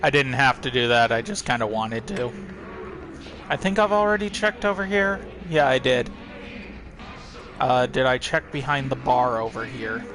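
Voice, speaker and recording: A man hosting a let's play, casually thinking aloud and reading in-game documents in a relaxed, chatty way. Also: mid-range voice, moderate pace. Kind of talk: casual gameplay commentary.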